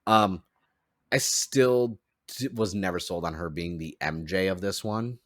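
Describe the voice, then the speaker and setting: Low-voiced podcast host guy just rambling along, tons of "like"s. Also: a little slow, fairly bright tone, no echo, clean studio sound. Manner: rambling, full of "like" fillers. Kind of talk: casual chat.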